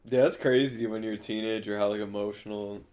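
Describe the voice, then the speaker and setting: A man hosting a casual podcast chat, relaxed and swearing casually as he chimes in. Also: fairly low pitch, brisk.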